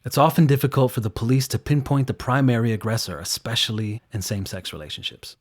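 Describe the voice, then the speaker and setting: A man's voice: medium pitch, fast talker. A man working as a victim advocate, recounting a case in an earnest, conversational interview manner. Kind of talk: recorded interview clip.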